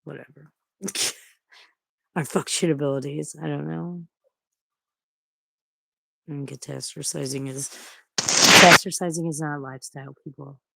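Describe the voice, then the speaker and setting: A woman's voice: deep voice, fairly even intonation, a little slow, vocal fry, pauses often, sharp tone, poor audio. A woman vlogger in casual, rambling chat who swears freely and coos at her pets in baby talk.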